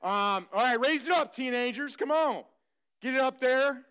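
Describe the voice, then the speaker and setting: High, bright-voiced preacher man. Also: moderate pace, clear, resonant tone. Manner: energetic, exclaims and calls out to the congregation. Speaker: pastor. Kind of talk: live sermon. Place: church service.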